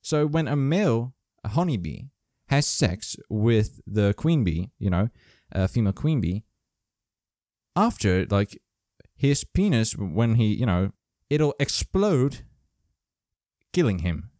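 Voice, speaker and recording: A man hosting his own casual video, joking and rambling through animal facts in a playful, animated way. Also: mid-range voice, slow, dry recording, clean studio sound. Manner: playful, jokey, animated, full of asides. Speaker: vlog host. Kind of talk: casual comedic fact-sharing monologue. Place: Germany.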